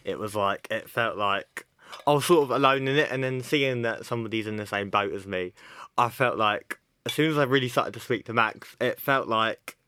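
A man's voice: mid-range voice, moderate pace, sharp tone, smooth, no room sound. A man talks casually and relaxedly as a guest on a podcast. His voice sits in the middle range and sounds dry and close. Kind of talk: casual chat.

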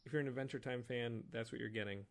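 A male podcast host talks alone in a loose, rambling way, full of nostalgic excitement and self-mocking asides. His voice has a gravelly edge, at a middle pitch for a man. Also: fast. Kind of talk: casual solo podcast talk.

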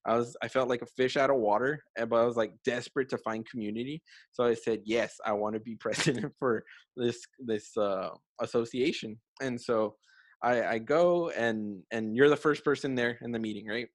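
A young man hosts a relaxed chat, talking in a loose, friendly ramble full of fillers and quick laughs. His voice sits at an ordinary middle pitch. It is recorded close and dry, with no room sound. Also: dry recording. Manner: chatty, laughs often, many fillers. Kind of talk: casual conversation.

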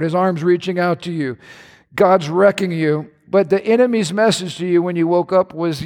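A pastor preaching a sermon to his congregation, impassioned, his voice climbing higher when he is stirred. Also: normal speed, a little mellow. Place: large church hall. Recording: reverberant church hall.

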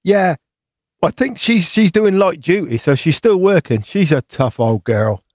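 A man from the UK, a guest correspondent in a casual podcast chat, talking in a relaxed, wry way. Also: fairly high pitch, measured pace, no room sound, studio quality. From United Kingdom.

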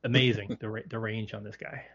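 A man guesting on a casual film podcast, talking in halting bursts with many restarts. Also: fairly low pitch, flat delivery, vocal fry, fairly bright tone, breathy edge. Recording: dull lo-fi audio.

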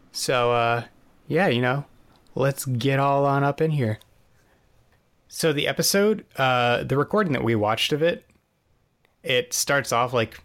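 A man's voice: mid-range voice, a bit bright. A man co-hosting a podcast, casually recapping a TV episode in a dry, sarcastic way with plenty of fillers and restarts. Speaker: podcast co-host.

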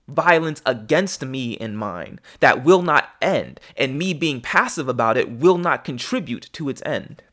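A man hosting a podcast, talking in a deliberate, emphatic way, with frequent ums and rhetorical questions. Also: medium pitch, fairly bright tone. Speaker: podcast host. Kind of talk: spoken commentary on faith and justice.

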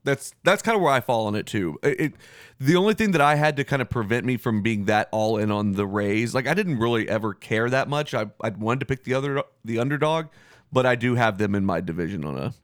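A man's voice: on the low side, a little fast, dry recording, clean studio sound. A man hosting a sports podcast, bantering bluntly and swearing freely in casual talk. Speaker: podcast host.

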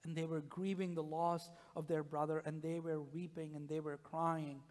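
A man with a slightly raised pitch delivers a conversational sermon, talking straight to the congregation and often falling to a hushed near-whisper. His voice rings out in a long church reverb. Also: little pitch movement, normal speed. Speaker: pastor. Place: church sanctuary.

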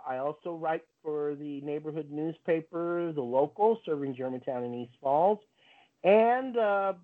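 A man co-hosting a community radio show, speaking hesitantly with many pauses and fillers. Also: fairly high pitch, phone-quality sound. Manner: hesitant, many uhs, dry humor. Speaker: radio co-host. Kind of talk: casual radio chat. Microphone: studio microphone.

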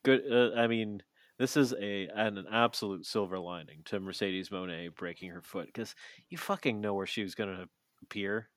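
A podcast co-host in casual chat swears freely and rambles with lots of fillers. His voice is fairly low-pitched at normal speed, with no echo.

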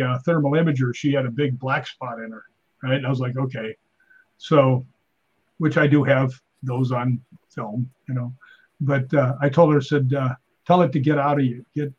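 Middle-aged guy telling wild stories, husky voice, kinda muffled lo-fi audio. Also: mid-range voice, normal speed. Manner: animated joke-telling, acts out voices in stories. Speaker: podcast guest, stuntman and paranormal investigator. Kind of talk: casual storytelling chat.

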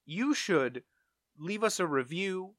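A man's voice: high voice, animated, slow pace, fairly bright tone, dry recording, studio quality. A man co-hosting a podcast, chatting in a jokey, theatrical, rambling way. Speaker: podcast co-host. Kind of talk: casual comedic chat.

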